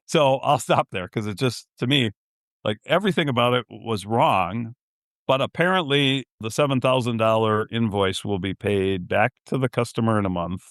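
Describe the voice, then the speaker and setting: A middle-aged man tells a story on a podcast and acts out both sides of a customer service call, swinging his voice up high when he gets indignant. His voice sits at an ordinary pitch. The recording is close and dry, with no room sound. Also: moderate pace, no room sound. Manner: animated, acts out both sides of a phone call, laughs in disbelief. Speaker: podcast host telling a story. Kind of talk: casual storytelling.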